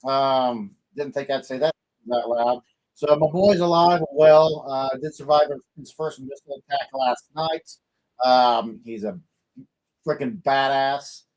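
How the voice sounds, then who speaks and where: A man's voice: medium pitch, a little slow, a little mellow, lo-fi sound. A middle-aged man from the American Midwest hosting a casual livestream, chatting in a rambling way with many fillers and restarts. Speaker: livestream host.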